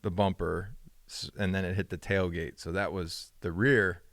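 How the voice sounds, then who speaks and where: Man, low voice, casual podcast chat, animated storyteller, dry close mic. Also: normal speed, no room sound. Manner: animated storyteller, acts out quoted dialogue with rising pitch. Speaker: podcast co-host.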